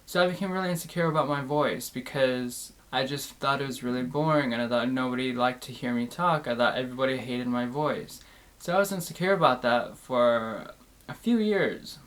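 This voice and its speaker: A man's voice: medium pitch, normal speed, a bit bright. A young man hosting his own channel, talking through his experiences in an earnest, reflective, plain-spoken way. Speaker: host. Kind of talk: candid personal monologue.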